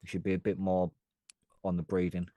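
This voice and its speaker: A man's voice: low-pitched, completely flat delivery, fairly quick, warm tone, no room sound. A British man co-hosting a podcast, talking casually, blunt and opinionated, swearing freely. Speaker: podcast co-host. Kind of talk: casual chat.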